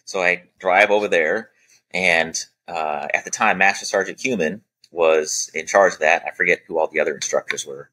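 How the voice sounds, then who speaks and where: A man's voice: deep voice, moderate pace. A man as a podcast guest, telling a military training story casually, acting out what people said with lots of "you know.". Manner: animated anecdote-telling, acting out quoted dialogue with many "you know" fillers. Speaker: podcast guest, former Air Force special operator.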